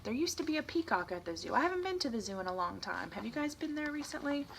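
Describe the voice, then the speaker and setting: A middle-aged woman teacher reading a picture book aloud to young children, with sing-song animated rhythm and chatty asides. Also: high voice, fast, creaky, a little hiss or hum, poor audio.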